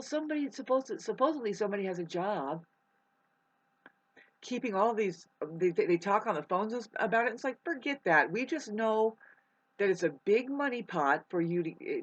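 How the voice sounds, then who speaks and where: Speaking briskly and with animation at a medium pitch, a woman vlogger chats her way through a rambling, casual monologue. She eats while talking, swears without restraint and keeps restarting sentences; the lo-fi recording sounds muffled.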